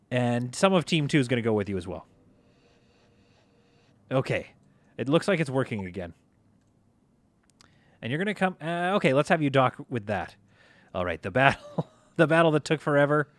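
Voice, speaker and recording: Excitable man streaming a game. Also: mid-range voice, no room sound. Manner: excitable, talks to himself and his crew while playing. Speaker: gaming streamer. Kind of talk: live gameplay commentary.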